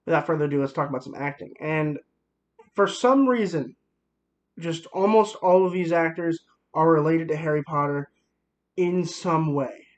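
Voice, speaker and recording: A man's voice: fairly high pitch, normal speed. A young man giving a casual movie review, enthusiastic and rambling, with many fillers and restarts.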